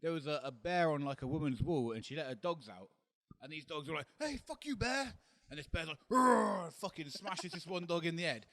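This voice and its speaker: A man co-hosting a casual podcast, swearing freely and telling animated, joking anecdotes. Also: a little high, fast talker. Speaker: podcast co-host. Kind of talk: casual banter.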